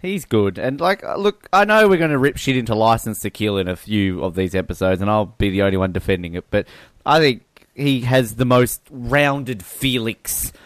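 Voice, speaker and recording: Excitable male podcast co-host. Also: medium pitch, normal speed, dry recording. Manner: enthusiastic, laughs a lot, many fillers. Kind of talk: casual film discussion.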